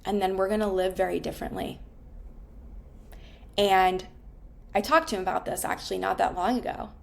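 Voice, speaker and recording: A woman's voice: mid-range voice, fairly even intonation, moderate pace, vocal fry. A woman in her thirties, a therapist, talking candidly and emotionally about her own life, swearing often. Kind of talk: reflective personal monologue.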